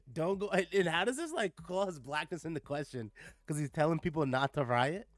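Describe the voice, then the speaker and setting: A man's voice: on the high side, normal speed, no room sound, clean studio sound. A man giving casual reaction commentary, sarcastic and profane, filling his talk with "like" and "bro.". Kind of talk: casual reaction commentary with read-aloud passages.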